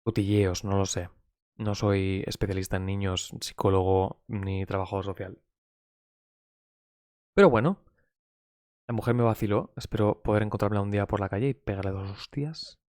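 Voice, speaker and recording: A man's voice: lowish voice, fairly even intonation, fairly quick, pauses often, darkish tone, no echo, clean studio sound. A man from Spain with a Spanish accent whose first language is Spanish. He teaches an English lesson in a chatty, gossipy way, swears, and mixes in Spanish. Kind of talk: casual live-stream English lesson.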